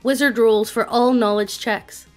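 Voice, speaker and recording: A text-to-speech woman's voice narrating a tabletop game, with a flat, evenly paced computer reading. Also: on the high side, a little slow, faint music behind.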